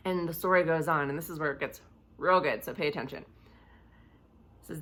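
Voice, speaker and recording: A woman's voice: low voice, a little fast, pauses often, fairly bright tone. Woman giving a casual chapel devotional. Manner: reads scripture aloud, then talks casually and vividly. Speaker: chapel speaker. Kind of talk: devotional talk.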